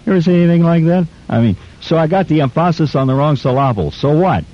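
Wisecracking radio DJ man, lively voice. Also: on the high side, fast talker. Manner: wisecracking, folksy. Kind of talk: joking radio DJ patter. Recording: muffled radio broadcast with music.

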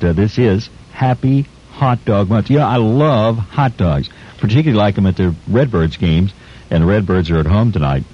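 Wisecracking radio DJ man, lively voice. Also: fairly low pitch, breathy edge. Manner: wisecracking, folksy. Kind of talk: joking radio DJ patter. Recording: muffled radio broadcast with music.

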